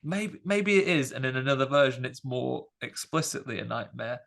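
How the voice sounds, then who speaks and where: A man hosting a podcast, chatting casually about a film in a rambling, animated way with many fillers. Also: medium pitch, normal speed, vocal fry. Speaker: podcast host. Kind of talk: casual film review chat.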